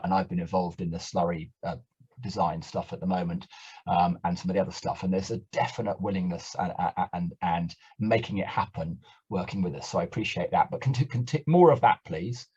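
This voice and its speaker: A man from Britain speaking as a panelist on a webinar, measured and considered. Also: low voice, darkish tone, husky. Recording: dull lo-fi webinar audio.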